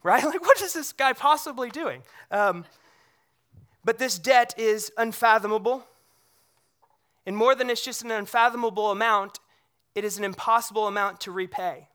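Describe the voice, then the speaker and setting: Pastor giving a sermon, bright tense voice, chatty, keeps asking the room "right?". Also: mid-range voice, moderate pace. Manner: conversational, checks in with the congregation using rhetorical questions.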